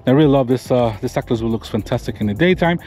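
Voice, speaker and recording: A quick-talking man runs an eager show-and-tell of a pickup's interior for his car vlog, rambling and restarting sentences as he goes. His voice sits at an ordinary middle pitch. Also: animated, darkish tone. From Florida. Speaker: car reviewer. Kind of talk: walkaround car review vlog. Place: in and around a parked pickup truck.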